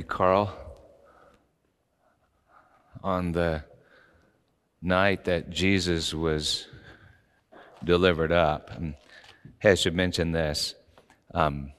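Male pastor, deep smooth voice, explains scripture casually; reverberant church hall, soft music. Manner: conversational, explaining. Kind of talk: sermon before communion.

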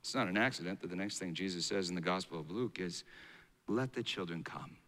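A middle-aged man preaching a sermon as a pastor, swinging between hushed and loud passages. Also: deep voice, fast. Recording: long reverb of a large hall.

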